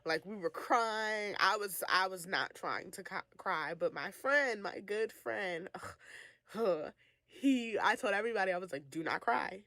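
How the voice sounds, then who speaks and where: A young woman, a student alumna, telling a personal story in a casual, animated way, laughing often and saying "like" a lot. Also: medium pitch, measured pace, dry recording. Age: young adult.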